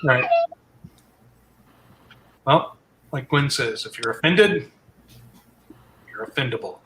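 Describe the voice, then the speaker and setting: A man's voice: medium pitch, sing-song, slow pace, fairly bright tone, a little hiss or hum, poor audio. A man leading a casual group Bible study, explaining scripture conversationally with asides.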